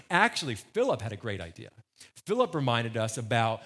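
A pastor preaching a sermon, retelling a gospel story in a casual, joking way and acting out the characters. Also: male voice, medium pitch, lively intonation, a little fast, a bit bright, husky.

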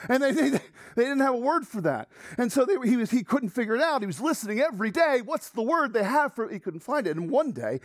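A man preaching a sermon, animated and storytelling, dropping to hushed asides and rising to loud exclamations. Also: high voice, dry recording, studio quality. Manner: frequent restarts and laughs while telling stories.

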